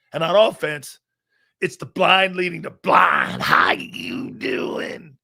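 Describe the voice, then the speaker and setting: A middle-aged man with a high-pitched, wildly swinging voice rants through a live sports talk show. He is loud and profane, and he slips into mocking put-on voices. His delivery is unscripted and animated from start to finish.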